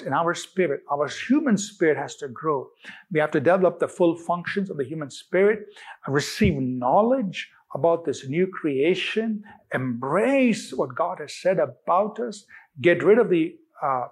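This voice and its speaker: A male pastor delivering a sermon with a slightly husky, breathy voice pitched a little high. He presses his points hard, repeats phrases and slows right down on the words he wants to land. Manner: emphatic, repeating phrases with drawn-out stresses.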